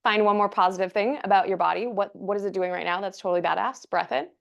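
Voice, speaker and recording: A woman's voice: mid-range voice, quick pace, vocal fry, lo-fi sound. A young woman teaching a yoga class, cueing breaths and poses in an encouraging, playful way, a little out of breath. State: slightly out of breath. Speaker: yoga instructor. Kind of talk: guided yoga class instruction.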